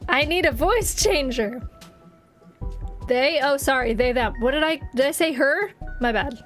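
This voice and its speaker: A woman's voice: high-pitched, animated, a little slow, soft background music. A woman streamer reading a visual novel game aloud on a live stream, with giggly, chatty asides and playful exclamations.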